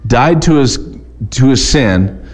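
A man preaching a sermon, reading scripture aloud slowly and then explaining it in plain, conversational talk with some restarts. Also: mid-range voice, animated.

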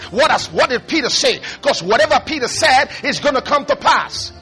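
High, bright-voiced man preaching emphatically. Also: sing-song, moderate pace, gravelly, few pauses, faint music behind. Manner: emphatic, repetitive preaching with sudden loud rises. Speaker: pastor. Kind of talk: sermon.

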